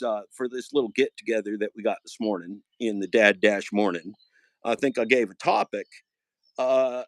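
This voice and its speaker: A man's voice: medium pitch, a bit bright, no echo. Sarcastic man rambling on a livestream. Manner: sarcastic, joking, taunting. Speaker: live streamer. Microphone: phone held in hand.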